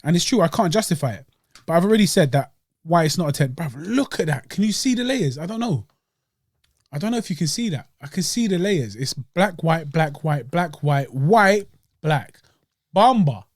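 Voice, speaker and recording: In a dry, studio-quality recording, a young man with a fairly high, animated voice talks at a moderate pace. He hosts a dessert-review podcast, munching on one while chatting about it in a relaxed, slangy way.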